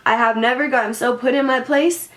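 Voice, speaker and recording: A young woman vlogger telling a casual storytime, animated and swearing, full of "like". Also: sits high, a little fast. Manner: animated, swearing, lots of filler "like". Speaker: beauty vlogger.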